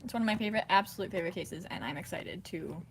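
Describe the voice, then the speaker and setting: A woman chatting casually while livestreaming a game, excitable and given to dramatic outbursts. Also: on the low side, rapid-fire, vocal fry, slight background noise. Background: game music.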